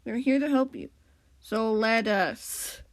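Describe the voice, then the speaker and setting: A woman's voice: a little high, expressive, takes it slowly, no room sound. A woman doing a firm, matter-of-fact squid. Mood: determined. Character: firm but kind male squid friend.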